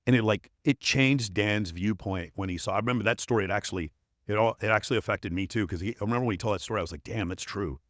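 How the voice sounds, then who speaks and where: A man's voice: fairly low pitch, racing, fairly bright tone, no room sound, clean studio sound. A man talking as a guest on a podcast, telling blunt, profane stories and giving emphatic advice. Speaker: performance coach, podcast guest. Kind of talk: casual interview chat.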